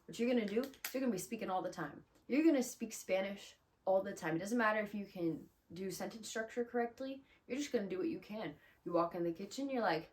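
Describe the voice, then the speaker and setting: A woman's voice: mid-range voice, a little mellow. A woman giving a casual, chatty video lesson as a Spanish teacher, upbeat and full of "like" and "um". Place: small closet room.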